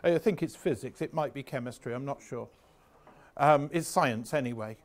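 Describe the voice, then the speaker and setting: A man's voice: mid-range voice, normal speed. A man in his sixties giving a revision lecture, chatty, anecdotal and self-mocking. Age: 60s.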